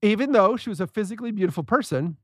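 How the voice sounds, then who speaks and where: A man with a high, light voice tells stories in a casual podcast chat, laughing often and acting out the lines of the people in them. The sound is dry and close to the mic. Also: rapid-fire, no echo. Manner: animated storyteller, laughs often, acts out quotes. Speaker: podcast co-host.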